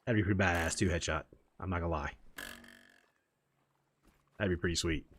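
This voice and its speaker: A man's voice: deep voice, steady tone, fairly quick, fairly bright tone, a little hiss or hum. A man streaming a game from home, chatting in a rambling, storytelling way. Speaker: gaming streamer. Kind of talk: casual chat while gaming.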